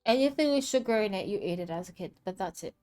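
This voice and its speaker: A woman's voice: medium pitch, expressive, fast, dark tone, faint music behind. A woman streaming live while she draws, chatting casually with her chat between bites and laughing often. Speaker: art streamer.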